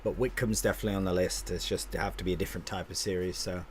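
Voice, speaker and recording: A man's voice: low voice, steady tone, racing, darkish tone, slight background noise. A man live-streaming a game, chatting casually with his viewers and answering their comments aloud, often restarting his sentences.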